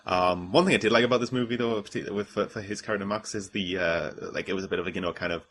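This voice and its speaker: A man's voice: low-pitched, fairly even intonation, rapid-fire, fairly bright tone, a little hiss or hum. A man from the UK hosting a casual film review chat, rambling with lots of fillers and swearing freely. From United Kingdom. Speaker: film review podcast host.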